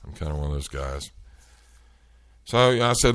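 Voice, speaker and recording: A man hosting a show, telling an animated, exasperated story in casual chat. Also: extremely low pitch, measured pace, pauses often. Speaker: show host. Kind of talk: storytelling rant.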